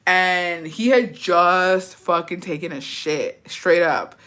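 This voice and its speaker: A young woman hosting a livestream, telling a story in a rapid, profane, casual way and dropping in Spanish words. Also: lowish voice, steady tone, fairly bright tone. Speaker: livestream host.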